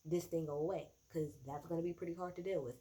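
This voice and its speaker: Young woman, casual political recap, sarcastic, swearing, loud bursts of outrage. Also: sits low, fairly even intonation, fast talker, breathy edge. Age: 20s. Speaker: political commentator.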